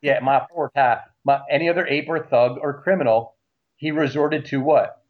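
A man telling a story in casual talk, animated and repeating words as he goes. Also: a little high, normal speed. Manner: animated, acts out shouting cops; repeats words and restarts often. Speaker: guest recounting a story. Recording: slightly dull lo-fi audio.

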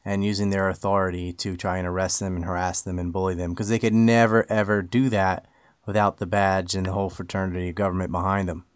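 A man's voice: deep voice, flat delivery, fast talker, clear, resonant tone, no echo, clean studio sound. A man hosting a talk show, bluntly finishing his guest's points. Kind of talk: casual talk show chat.

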